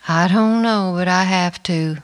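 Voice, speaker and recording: A middle-aged woman narrating her own life story in the first person, quiet and reflective. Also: lowish voice, a little slow. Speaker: memoir narrator. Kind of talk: first-person memoir reading.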